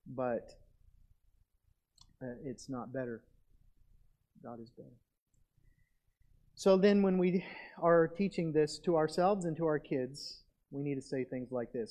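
A man preaching a sermon as pastor, earnest and conversational, with animated asides. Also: a little high. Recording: dull lo-fi recording.

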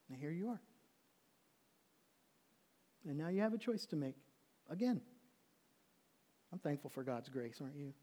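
A male pastor delivering a sermon in a slightly higher-than-average voice. He drops to a hushed, intense tone to drive points home, then bursts into loud pleading when acting out the words of others. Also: expressive, normal speed, pauses often.

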